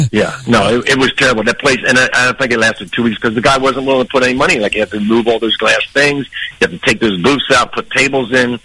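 A man's voice: mid-range voice, fast talker, poor audio. An older man, a comedian guest on a podcast, telling a long anecdote and acting out the people in it. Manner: animated, acts out people in his anecdotes. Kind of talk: storytelling on a podcast.

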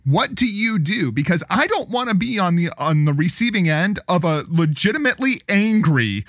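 A male podcast host with a bright, lively, slightly high voice asks his guest eager, jokey questions. His voice sounds dry and close to the mic. He keeps an easy, chatty tone. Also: moderate pace, dry recording. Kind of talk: casual podcast chat.

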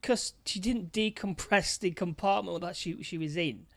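A man chatting casually about a film he watched, talking in halting bursts with frequent restarts. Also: high voice, vocal fry, no echo.

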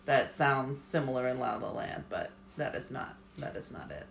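Gravelly-voiced curious woman. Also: very deep voice, animated, normal speed. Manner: curious, asking questions and repeating words. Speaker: podcast co-host. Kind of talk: casual chat. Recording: echoey room with faint noise.

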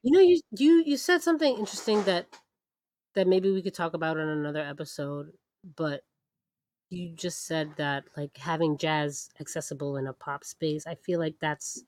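A woman's voice: sits low, moderate pace, darkish tone, no echo, studio quality. A woman co-hosting a podcast in casual chat, eager and affirming, asking follow-up questions. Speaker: podcast co-host.

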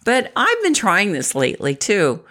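A woman's voice: medium pitch, huge pitch swings, a little slow, fairly bright tone. A middle-aged woman from the Midwest, talking to camera in a chatty, encouraging way and laughing often. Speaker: inspirational vlogger. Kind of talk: upbeat motivational talk to camera.

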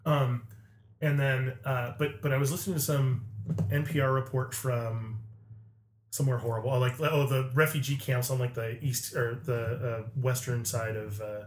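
A man's voice: mid-range voice, steady tone, moderate pace, a little hiss or hum. A man hosting a casual podcast chat, rambling and joking with frequent fillers. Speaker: podcast host. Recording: echoey room.

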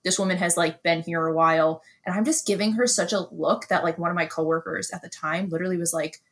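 A young woman from Brooklyn, co-hosting a podcast in casual chat, telling animated, profane stories and mimicking people. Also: fairly low pitch, fast. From Brooklyn, New York. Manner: animated storytelling, swears freely, mimics others. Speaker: podcast co-host.

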